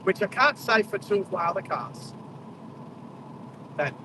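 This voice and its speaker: Chatty high-voiced Australian man driving. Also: very animated, normal speed, long pauses. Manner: chatty, exclaims at wildlife, talks to live chat. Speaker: driving livestream host. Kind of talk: casual live driving commentary. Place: inside a moving car on a country road. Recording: distant car mic with road noise.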